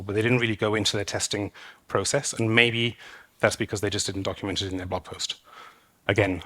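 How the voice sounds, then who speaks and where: A man with a fairly low, husky voice gives a conference talk. He rambles a little, pausing on fillers and restarting his sentences as he explains. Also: fairly bright tone. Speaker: conference speaker. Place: conference stage.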